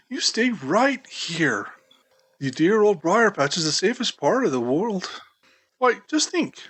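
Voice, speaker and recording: A man voicing a gentle, cheerful male rabbit who talks in a coaxing, chirpy way. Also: high voice, husky, exaggerated voice. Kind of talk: storybook character voice.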